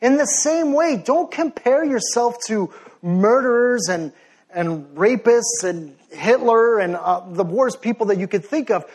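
A young man preaching a sermon with passion, swinging between forceful exhortation and sheepish, joking asides. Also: very high-pitched, expressive, measured pace, breathy edge. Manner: passionate, rising to near-shouting then softening to sheepish asides.

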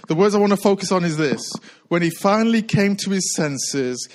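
A middle-aged male pastor preaching a sermon, a little out of breath, repeating key lines and slowing down hard to stress them. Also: high voice, expressive, rough recording. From United Kingdom. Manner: earnest preaching with repetition and slow emphatic phrases.

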